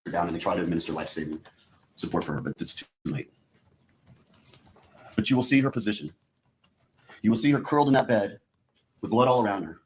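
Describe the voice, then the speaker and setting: A man's voice: fairly low pitch, lively intonation, fast talker, pauses often. A man, a prosecutor, giving an opening statement in a courtroom, speaking straight to the jury and walking them step by step through what they will see and hear. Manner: addresses the jury directly, repeating "you're gonna".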